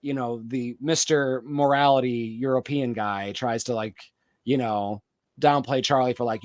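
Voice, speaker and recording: A man's voice: medium pitch, steady tone, moderate pace, dry recording. Podcast co-host, male, casual rambling recap style, dry close sound. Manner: rambling, filler-heavy, many restarts. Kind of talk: casual chat recapping a TV episode.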